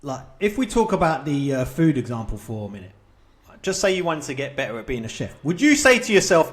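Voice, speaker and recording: A man's voice: on the high side, very animated, fairly quick. A man coaching viewers on self-publishing in a casual talk to camera, stressing points and checking in with "right?" and "okay?". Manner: emphatic, repeats points with rhetorical checks.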